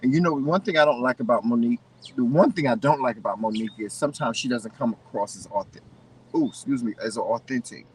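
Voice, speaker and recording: A man co-hosting a casual chat, giving opinions in an animated way and often restarting his sentences. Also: medium pitch, fast, far from the mic, slight background noise, rough recording. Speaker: co-host.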